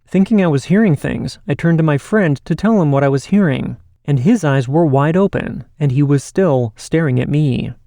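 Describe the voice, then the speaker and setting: A man hosting a podcast and reading listener stories aloud in a steady, measured way. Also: on the high side, gravelly, dry recording, studio quality. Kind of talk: scripted podcast narration.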